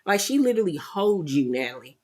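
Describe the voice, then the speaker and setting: A woman's voice: fairly low pitch, big pitch swings, a little fast, a little mellow. A woman giving a blunt, sassy, gossipy recap of a reality show. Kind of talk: casual commentary.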